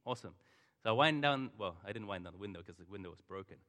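A middle-aged man delivers a sermon, moving from a personal story to asides aimed at the congregation. His voice sits a little low. The long reverb of a large church hall trails after each phrase. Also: expressive, rapid-fire, pushed and bright. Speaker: pastor.

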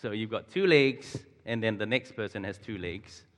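A man's voice: lowish voice, normal speed, a bit bright. A man, preaching a chatty sermon, asking his audience questions and chuckling often. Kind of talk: conversational sermon. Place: large church hall. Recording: long hall reverb.

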